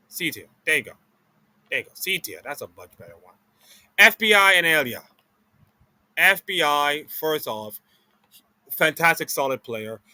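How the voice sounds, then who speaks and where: A man who makes esports videos gives offhand commentary while ranking players, stumbling into restarts and fixing himself as he goes. He's slow and sluggish from a recent meal, and his mid-range voice has a sharp tone.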